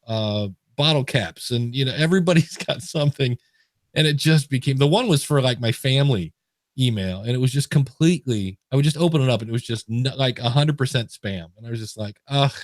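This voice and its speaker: A man's voice: medium pitch, fairly quick, no echo, clean studio sound. A man hosting a podcast, chatting casually and telling anecdotes with easy laughter. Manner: storytelling, laughs easily. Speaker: podcast host.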